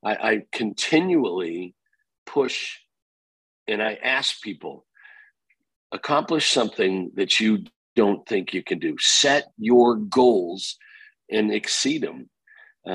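Deep-voiced husky middle-aged guy, lively storyteller in an interview, dry close sound. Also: takes it slowly, dry recording, low-quality recording. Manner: energetic storyteller, quotes himself and others. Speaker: guest, real estate company founder. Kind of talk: conversational interview.

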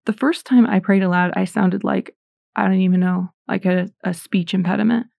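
Chatty woman with a gravelly, mellow voice. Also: mid-range voice, moderate pace, no echo. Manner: chatty, animated, self-deprecating. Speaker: Christian podcaster. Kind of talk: casual faith talk.

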